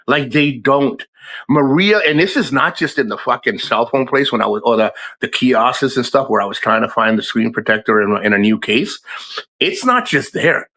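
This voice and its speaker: A man's voice: medium pitch, animated, normal speed, pushed and bright. A man hosting a livestream, ranting in a rambling, profane way with lots of restarts. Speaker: livestream host. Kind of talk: casual livestream rant.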